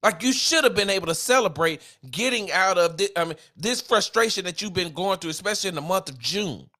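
A man's voice: high-pitched, lively intonation, a little fast, sharp tone. Man ranting as sports podcast host. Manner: heated, emphatic ranting with slang. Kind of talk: solo sports opinion podcast.

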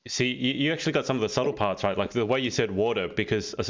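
A man's voice: medium pitch, fast talker. A man hosting a casual live-stream pageant interview over a video call, chatty and teasing as he reads out viewer comments. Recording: dull lo-fi video call audio.

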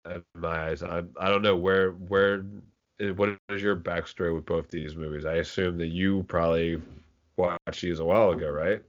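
A man's voice: low voice, fairly even intonation, normal speed. A man co-hosting a podcast, chatting casually about movies, rambling with frequent restarts and casual swearing. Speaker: podcast co-host. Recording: dull lo-fi podcast audio.

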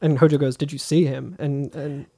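A man co-hosting a podcast, casually recapping a video game and reading its lines aloud in quick impressions. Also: a little high, steady tone, vocal fry, mellow, husky. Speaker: podcast co-host.

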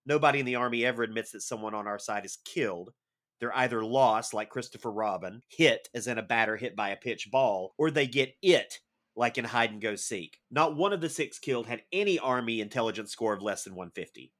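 A man's voice: medium pitch, a little fast, fairly bright tone, natural voice. A man voicing a young army sergeant, reading a film voiceover in a dry, sardonic way. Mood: weary, sardonic. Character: young male army sergeant narrator, weary and bitter. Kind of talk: impression read aloud on a podcast.

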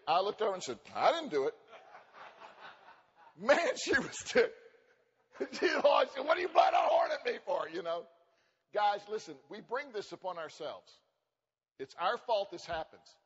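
A man preaching a sermon at a church conference, animated and joking, acting out quoted voices. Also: fairly high pitch. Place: church sanctuary. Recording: dull recording with long hall reverb.

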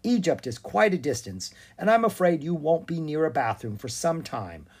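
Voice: medium pitch, very animated, moderate pace, a little mellow, husky. A storybook reader voicing a flustered, proper mother. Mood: fussy. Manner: fussy, proper. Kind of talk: storybook read-aloud.

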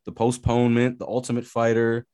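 A man's voice: medium pitch, brisk, no echo, studio quality. A man co-hosting a casual sports talk show, ranting with energy and plenty of swearing. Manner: animated, profane ranting. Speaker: podcast co-host.

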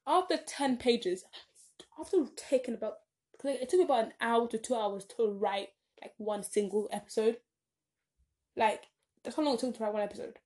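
A woman's voice: a little high, moderate pace, warm tone. A young woman, maybe in her teens, chatting casually to camera, rambling with lots of "like"s and sudden dramatic emphasis. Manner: rambling, chatty, self-interrupting with many "like"s. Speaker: vlogger. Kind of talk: casual chat.

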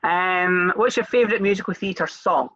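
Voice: medium pitch, moderate pace, sharp tone, dull audio. A Scottish interview host chatting casually, rambling a little with fillers and restarts.

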